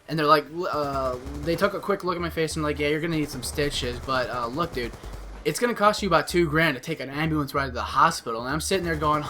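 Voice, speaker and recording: A young man telling a personal story to his viewers in a casual, animated way, swearing often and restarting sentences. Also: fairly high pitch, fast, faint music behind. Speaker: vlogger.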